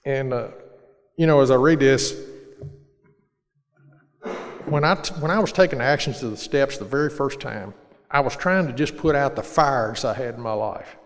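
A man's voice: medium pitch, moderate pace. A middle-aged man earnestly sharing his recovery story, plain-spoken, with restarts. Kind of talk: personal storytelling talk. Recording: long reverb of a large hall.

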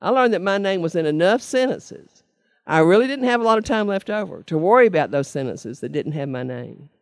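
A woman's voice: on the low side, animated, brisk, dry recording, clean studio sound. An older woman, giving a personal testimony talk to a meeting in an earnest, emphatic storytelling way. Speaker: speaker sharing her recovery story.

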